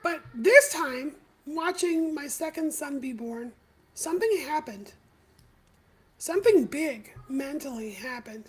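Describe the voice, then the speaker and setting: A woman hosting a podcast live stream, telling her own story in a candid, confessional way with halting pauses. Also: sits high, lively intonation, low-quality recording. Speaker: podcast host.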